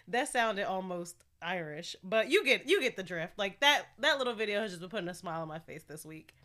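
A woman's voice: medium pitch, lively intonation, fairly quick, few pauses, a bit bright. A young woman hosting her own podcast in a casual, candid solo chat, talking freely and laughing often. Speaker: podcast host.

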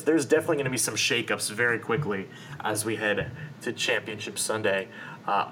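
A man's voice: on the low side, a bit bright, slight background noise, low-quality recording. A man co-hosting a sports podcast, talking casually and rambling, often restarting his sentences. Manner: rambling, lots of fillers and restarts. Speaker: podcast co-host.

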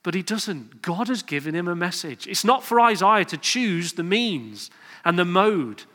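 Bright-voiced preacher in a reverberant church. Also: male voice, sits high, lively intonation, a little slow. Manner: earnest, rising to emphatic exhortation, acting out quoted voices. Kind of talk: sermon.

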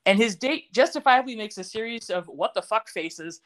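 Sarcastic laughing woman, lively voice. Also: mid-range voice, moderate pace. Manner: sarcastic, laughing, blunt and profane. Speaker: podcast host recapping a TV series. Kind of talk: casual chat.

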